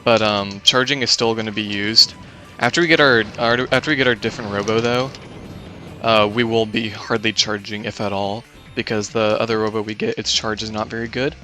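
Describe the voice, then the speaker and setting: A man's voice: on the low side, steady tone, fairly quick, bright, forceful tone, soft background music. A man giving casual live commentary on his own speedrun, explaining game mechanics with many fillers and restarts.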